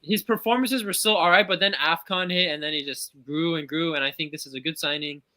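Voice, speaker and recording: Bright-voiced man analyzing football signings. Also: on the high side, steady tone, fairly quick. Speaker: podcast co-host. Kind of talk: casual football chat.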